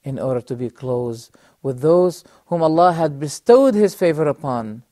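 A middle-aged man teaching a religious lesson on a TV program, telling a story earnestly with measured pauses and rhetorical questions, speaking straight to his audience. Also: fairly high pitch, expressive, dark tone, dry recording. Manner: addresses the audience directly. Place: TV studio.

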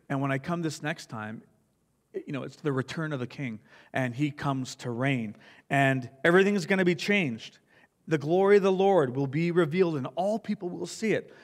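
A man's voice: a little high, lively intonation, normal speed, big-room sound. A man giving a Sunday sermon in an earnest, reflective way, reading scripture aloud. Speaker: pastor.

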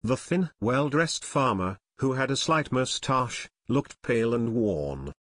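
A man narrating an unabridged youth mystery audiobook in an even reading. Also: medium pitch, measured pace, no echo, studio quality. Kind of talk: scripted narration.

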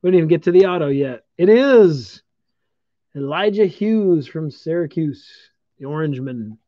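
A man hosts a live-streamed trading card break, upbeat as he calls out each card pulled and congratulates the viewers who own them. His voice is on the high side, expressive, and at normal speed, in a dry recording with dull lo-fi stream audio.

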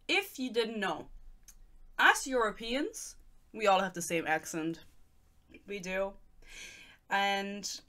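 A woman's voice: medium pitch, animated, moderate pace, pauses often, fairly bright tone. A young woman from Germany, ranting sarcastically in casual chat as she reviews a book. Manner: sarcastic, ranting, reads excerpts aloud. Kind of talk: casual rant.

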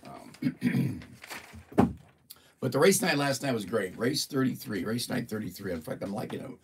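A man's voice: on the low side, expressive, normal speed, distant mic, a little hiss or hum. A man hosting a casual livestream, chatting and reading a viewer's report aloud in an amused, playful way. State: a bit of a frog in his throat. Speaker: livestream host.

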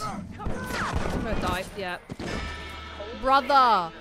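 A woman with a Welsh accent giving loud, excitable gameplay commentary, swearing as she plays. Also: fairly high pitch, normal speed, over loud music. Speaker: gaming YouTuber.

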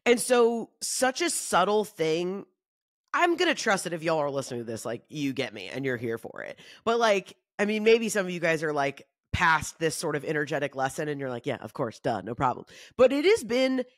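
A woman comedian talking in a casual solo monologue, animated and swearing freely, acting out other people's voices. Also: moderate pace, no room sound, clean studio sound. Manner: acts out quoted voices in shifting pitch. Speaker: comedian and podcast host.

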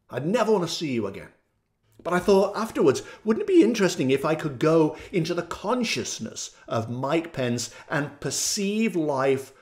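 Lively, slow-talking male storyteller. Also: on the high side, reverberant. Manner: dramatic, vivid storytelling. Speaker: channel host. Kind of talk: storytelling monologue about psychic visions.

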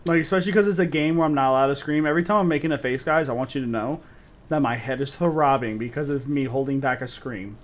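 A man's voice: medium pitch, quick pace. A young man streaming a horror game and chatting casually with his viewers, swearing often. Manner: swears a lot, chats with viewers. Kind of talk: casual gameplay commentary.

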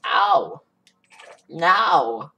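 A man's voice: a little high, big pitch swings, very slow, noisy background. A man giving casual gameplay commentary in a goofy, rambling, self-mocking way. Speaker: gaming YouTuber.

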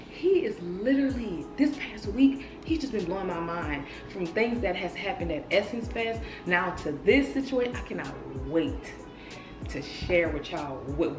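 A woman of thirty chatting casually and expressively to her viewers in a vlog from her apartment. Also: on the low side. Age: 30s. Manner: expressive, animated, talks straight to viewers. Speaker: lifestyle vlogger. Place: apartment room. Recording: roomy echo with music behind.

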